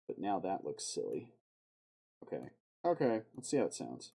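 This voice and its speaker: Streamer type, male, husky and mellow tone, lively swings in pitch, profane self-talk while working. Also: normal speed. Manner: profane, muttering to himself, sudden outbursts. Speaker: live streamer.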